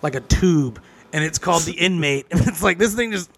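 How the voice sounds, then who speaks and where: A man's voice: a little high, animated, fairly quick, a bit bright. A man co-hosting a podcast, cracking jokes and adding wry asides. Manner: wisecracking, jokey asides. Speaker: podcast co-host. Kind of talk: profane casual chat. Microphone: studio microphone.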